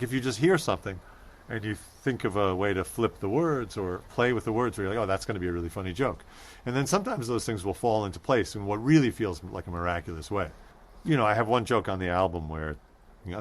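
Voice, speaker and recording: A man being interviewed as a stand-up comedian, talking in a thoughtful way with restarts and dry humor. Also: on the low side. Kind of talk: casual interview chat.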